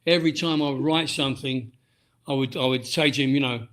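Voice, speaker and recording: A man's voice: fairly high pitch, quick pace, fairly bright tone. A middle-aged man from Britain, a ski instructor and author, talking casually in an interview and often restarting his sentences. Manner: rambling, frequent restarts and "um"s.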